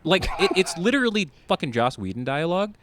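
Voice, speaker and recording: A man's voice: high voice, sing-song, fast talker, over a noisy crowd. A man co-hosting a podcast in casual chat, ranting with sarcastic, profane exaggeration. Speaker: podcast co-host.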